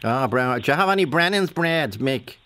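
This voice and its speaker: A man's voice: medium pitch, lively intonation, fairly bright tone, dry recording. Chatty Irish man hosting radio. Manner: chatty, quick questions with many restarts. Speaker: radio host. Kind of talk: phone-in radio chat. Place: radio studio. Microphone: studio microphone.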